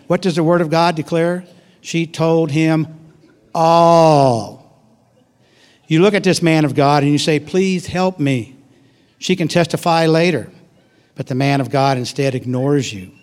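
A man preaching a sermon and reading scripture, acting out voices and swinging from loud to soft. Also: on the high side.

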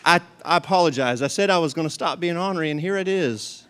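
Folksy joking preacher man, smooth voice. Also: a little high, fast, hardly any pauses, fairly bright tone. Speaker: pastor. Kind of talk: sermon.

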